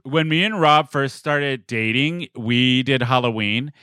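A man's voice: medium pitch, a little slow, sharp tone, clear, resonant tone, no room sound, studio quality. A man hosting a podcast, chatting casually and laughing often as he tells stories. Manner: giggly, chatty storyteller. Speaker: podcast host.

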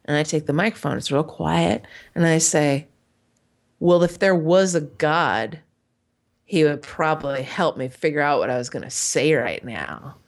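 A woman's voice: low voice, a little slow. A woman casually telling a crude comic story, laughing often and acting out the people she quotes.

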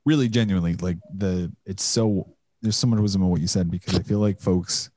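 Very deep-voiced man hosting a podcast. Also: a little fast, darkish tone. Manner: affirming, rambling follow-up questions. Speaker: podcast host. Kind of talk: casual podcast conversation.

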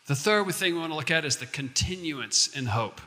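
A male pastor preaching a sermon in a conversational way, slowing down to recite verses and lines. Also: a little high, animated, pushed and bright, long reverb tail.

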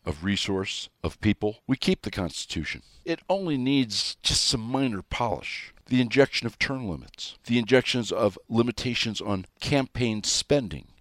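A man's voice: mid-range voice, animated, moderate pace, few pauses, a bit bright, dry recording, studio quality. A middle-aged man delivering an emphatic, scornful political opinion monologue, full of rhetorical questions. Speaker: political commentator.

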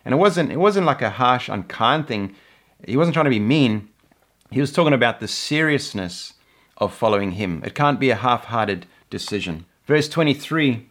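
A man's voice: medium pitch, expressive, normal speed, a bit bright. A man teaching from the Bible in an earnest sermon, often repeating words as he presses a point. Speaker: preacher.

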